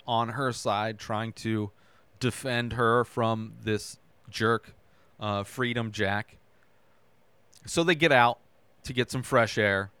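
A man with a smooth, mid-range, slightly bright voice hosts a podcast, casually recapping a TV episode scene by scene. He tosses in "right?" and loosely quotes dialogue, and the recording is dry.

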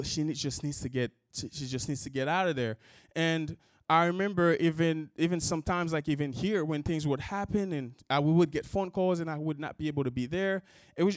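A man's voice: on the high side, no echo. A young man giving an earnest sermon testimony, repeating and restarting his words as he builds toward an impassioned close. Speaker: church speaker.

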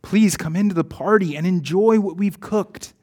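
A man voicing a loving, gentle father in a poem reading, tender and pleading. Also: high-pitched, moderate pace.

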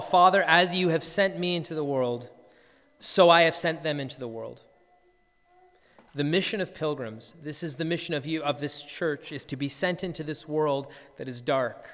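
Brief: male pastor, fairly high voice, earnest sermon storytelling, long church reverb. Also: a bit bright. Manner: earnest storytelling with frequent word repeats. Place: church sanctuary.

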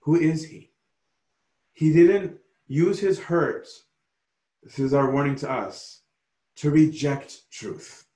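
A man preaching a sermon slowly and emphatically, often pausing to ask "right?". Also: a little high, lively intonation, dark tone, reverberant. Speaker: pastor.

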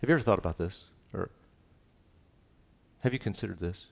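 Pastor, middle-aged man, low voice, emphatic with jokes, repeats key lines. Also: fairly quick, creaky, slightly rough. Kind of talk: sermon.

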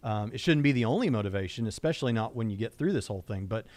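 A middle-aged man from Southwest Indiana, co-hosting a casual discussion and turning animated when he quotes others. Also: fairly low pitch, fast, dry recording. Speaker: co-host.

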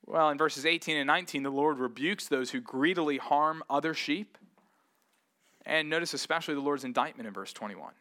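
Man, pastor, sermon; bright, slightly high voice, earnest and conversational, rhetorical questions. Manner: conversational, casual asides.

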